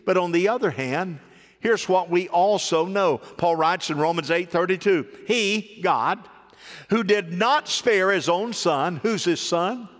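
A man's voice: high voice, measured pace, a bit bright. A man preaching a sermon as pastor, calling out to the congregation for answers and building his exhortation in waves. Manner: call-and-response preaching, rising exhortation. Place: church sanctuary. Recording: long reverb of a church hall.

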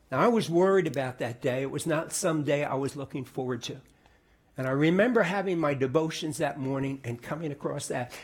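A middle-aged man preaching a sermon in a conversational way, often repeating words and dropping to soft, quiet tones. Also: mid-range voice, a little fast, breathy edge. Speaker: pastor.

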